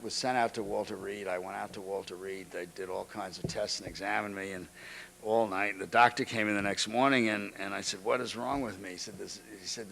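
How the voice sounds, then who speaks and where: An older man giving an anecdotal lecture, halting often, restarting phrases and clearing his throat. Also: fairly low pitch, a bit bright. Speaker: guest lecturer. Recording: archival lecture recording.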